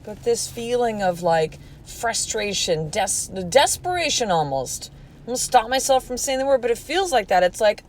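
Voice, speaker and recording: A woman's voice: on the high side, very animated, moderate pace. Fired-up woman hosting a solo motivational podcast, swearing freely, noisy background. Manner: blunt, profane, fired-up. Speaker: podcast host.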